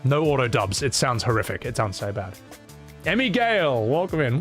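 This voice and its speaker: A man's voice: medium pitch, very animated, brisk, faint music behind. A man streaming live, reading out chat messages and answering in a rambling, casual way with lots of fillers and chuckles.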